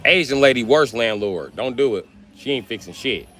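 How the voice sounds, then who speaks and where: A male comedian riffs through a profane story with lively, swooping pitch and a bright, forceful tone. Faint music plays behind him. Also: normal speed, few pauses. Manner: animated, profane, riffing. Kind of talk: profane comic storytelling on a live stream.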